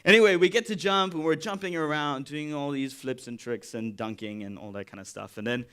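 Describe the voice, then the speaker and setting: A man's voice: on the high side, a little fast, pushed and bright, smooth. A young man preaching a sermon, telling a story in a loose, conversational way with fillers and repeats.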